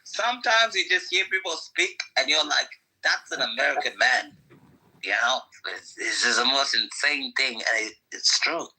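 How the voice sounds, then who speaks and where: A man with a rough, damaged voice, rambling in casual chat with profanity and constant "like" and "you know". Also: mid-range voice, normal speed, few pauses, sharp tone, low-quality recording. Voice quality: rough, damaged voice from a childhood injury. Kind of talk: casual chat in an online audio room.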